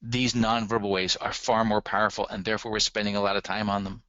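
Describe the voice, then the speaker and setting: A man lectures earnestly, speaking straight to his listeners with firm emphasis. His voice is bright and forceful but sits a little low. The recording is dry and slightly dull. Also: little pitch movement, fast, no room sound. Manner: earnest, emphatic, addresses audience directly. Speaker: relationship communication instructor.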